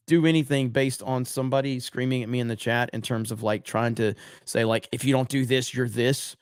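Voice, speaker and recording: A man's voice: mid-range voice, steady tone, a little fast, few pauses, clean tone, no echo, clean studio sound. A man hosting a livestream in a casual style, reading viewer chat aloud and answering in a blunt, profane way, often repeating words for emphasis. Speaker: livestream host.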